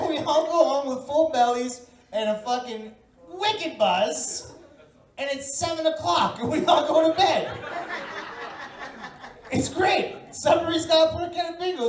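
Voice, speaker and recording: A woman doing a profane stand-up set at a bar comedy night, telling a story and shouting her punchlines, with the audience laughing. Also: fairly high pitch. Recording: echoey bar room from far off.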